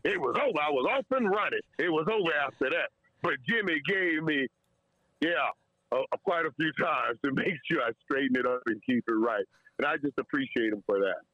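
Guy getting choked up telling an old story, kinda high voice, stutters and repeats, dry muffled sound. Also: expressive, a little fast, dry recording. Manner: emotional, repeats words, laughs often. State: tearing up. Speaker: guest storyteller. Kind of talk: casual chat.

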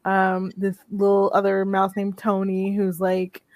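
A woman co-hosting a casual movie review chat, retelling the plot in an animated way and laughing often. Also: mid-range voice, measured pace, no room sound. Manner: animated storytelling with frequent laughter. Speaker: co-host of a movie review show.

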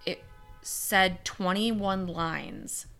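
A woman's voice: lowish voice, extremely slow, vocal fry, a bit bright, soft background music. A young woman co-hosting a podcast, casually recounting a disaster story with fillers and the odd curse word. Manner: chatty, swearing, many fillers. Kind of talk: casual chat.

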